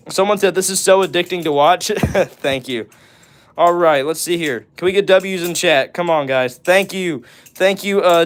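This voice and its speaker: A man hosting a live stream, reading out chat messages in a casual, excitable way and laughing often. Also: on the high side.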